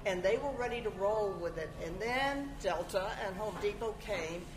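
A woman speaking at a teach-in, telling a story in a lively way and quoting others. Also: mid-range voice, moderate pace. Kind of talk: impromptu public remarks. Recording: echoey room with noise.

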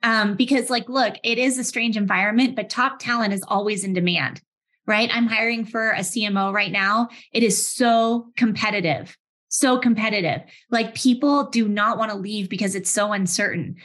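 Animated woman in HR talk. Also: medium pitch, moderate pace. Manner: animated, restarts often, vivid everyday anecdotes. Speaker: head of HR, session host. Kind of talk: conversational webinar talk.

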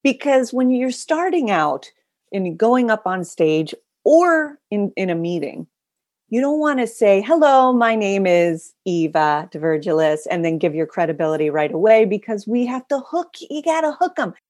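A woman guest on an interview, a public speaker explaining her talk with animated, dramatic storytelling. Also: on the high side, normal speed, dry recording, clean studio sound.

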